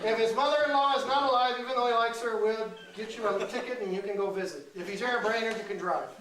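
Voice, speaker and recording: A man doing live stand-up comedy, teasing audience members in loud banter. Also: sits high, fast. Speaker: stand-up comedian hosting a crowd game. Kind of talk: live stand-up with crowd work. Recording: echoey room, far mic, crowd noise.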